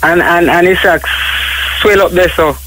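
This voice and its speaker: Stammering Jamaican man caller, high voice. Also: fairly even intonation, moderate pace, noisy background. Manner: stammering, repeats words, insistent. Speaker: radio caller. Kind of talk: phone-in radio chat.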